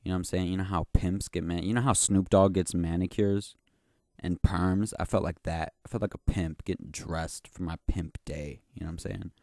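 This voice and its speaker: A young man with a very low, deep voice rants on his solo podcast. He is slangy, boastful and profane, and his telling rambles. The sound is dry and close, with no room around it. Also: fairly even intonation, normal speed, vocal fry, mellow, no room sound. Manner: rambling, keeps saying "you know what I'm saying". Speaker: podcast host. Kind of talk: casual solo podcast rant.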